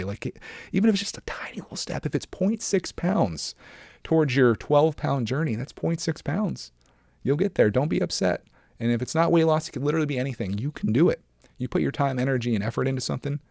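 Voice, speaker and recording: A man's voice: mid-range voice, gravelly, a little mellow, no room sound, clean studio sound. A man in his thirties hosting a casual solo podcast, chatting in an upbeat, encouraging, rambling way. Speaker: podcast host.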